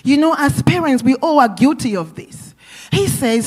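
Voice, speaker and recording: A woman's voice: sits high, lively intonation, normal speed, darkish tone. A middle-aged woman pastor preaching an earnest sermon, telling a story and speaking directly to her congregation.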